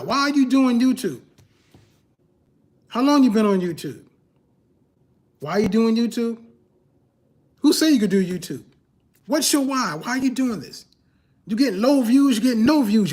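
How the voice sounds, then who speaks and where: Casting: man with a high voice, emphatic livestream coach who hammers his points with repetition and rhetorical questions, casual slangy delivery. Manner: emphatic, repeats key phrases, fires rhetorical questions. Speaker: YouTube growth coach and host.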